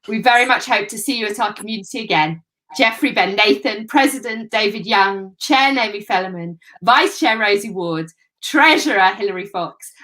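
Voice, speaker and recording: A woman's voice: on the high side, fairly bright tone. A woman co-hosting a live online event over a video call, keeping things moving and reading tributes. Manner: brisk, keeps things moving. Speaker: co-host.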